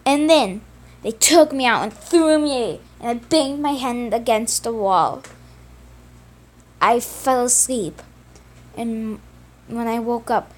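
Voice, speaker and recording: A woman narrating a story in the first person, plain and earnest, with some restarts. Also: fairly high pitch.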